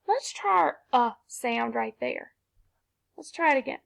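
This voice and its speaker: Slow, high-voiced woman teaching phonics. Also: animated, gravelly. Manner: slow, patient, sounding out syllables. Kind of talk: phonics lesson for young children.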